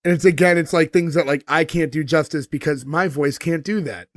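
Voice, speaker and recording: A man's voice: fairly high pitch, fairly quick, no echo. A man co-hosting a podcast, casually retelling a sitcom scene with lots of fillers and quoted lines. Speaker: podcast co-host recapping an episode. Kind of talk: casual chat.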